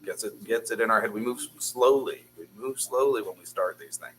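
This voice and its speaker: A man's voice: on the low side, fairly quick, fairly bright tone, slight background noise, poor audio. A man teaching a beginners' Hebrew class, patiently drilling syllables and encouraging his students. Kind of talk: classroom language lesson.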